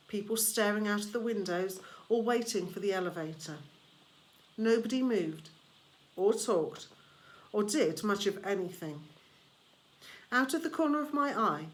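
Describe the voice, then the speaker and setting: Slow, measured woman narrator. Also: medium pitch. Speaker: audiobook reader. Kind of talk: first-person novel narration.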